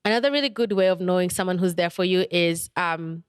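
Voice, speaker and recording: A woman's voice: lowish voice, a little fast, clean tone, no room sound, clean studio sound. A young adult woman hosting a podcast, telling personal stories candidly and thoughtfully, with many "like" and "um" fillers. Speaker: podcast host. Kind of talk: reflective personal storytelling.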